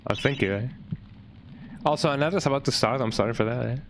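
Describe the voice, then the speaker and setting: A man's voice: medium pitch, quick pace, slight background noise. A man casually commenting while streaming a video game, chatty and often tagging his lines with "eh". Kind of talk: casual let's-play commentary. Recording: game music behind voice.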